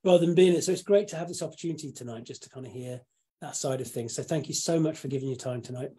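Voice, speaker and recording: A man hosting a casual live chat, rambling with restarts and frequent throat clearing. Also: medium pitch, quick pace, mellow. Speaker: host.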